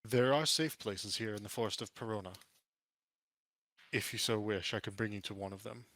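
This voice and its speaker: A man voicing an eloquent male orc ranger who speaks in a regal, measured way. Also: on the low side, fairly bright tone, no echo. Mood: calm.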